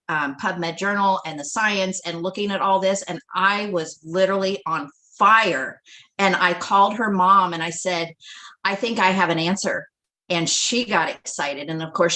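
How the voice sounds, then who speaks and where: A woman's voice: lowish voice, sharp tone. A middle-aged woman telling a personal story on a livestream, acting out the dialogue and laughing often. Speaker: livestream guest. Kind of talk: storytelling testimonial.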